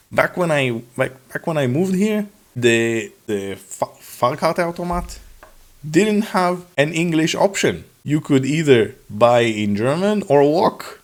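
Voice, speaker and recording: A man talking casually to camera in a vlog, sarcastic and animated, acting out officials' replies in mock voices. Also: mid-range voice, a little slow. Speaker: vlogger.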